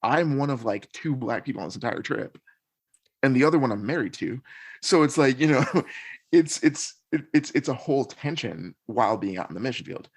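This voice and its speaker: A man's voice: mid-range voice, lively intonation, normal speed, breathy edge. A man talking as a podcast guest, earnestly recounting his experiences in a reflective, conversational way. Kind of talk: conversational storytelling.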